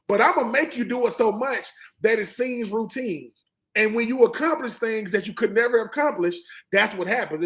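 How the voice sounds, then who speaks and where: A middle-aged man with a notably high voice, talking sports in an animated, preachy way. A former college football player and panel guest, he acts out the lines of coaches and players as he tells his stories. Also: low-quality recording. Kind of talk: animated sports talk, storytelling.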